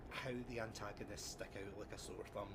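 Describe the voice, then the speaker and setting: A man's voice: fairly low pitch, little pitch movement, brisk, creaky. A young man co-hosting a casual film chat, rambling with lots of fillers. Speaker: podcast co-host. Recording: noisy background hiss.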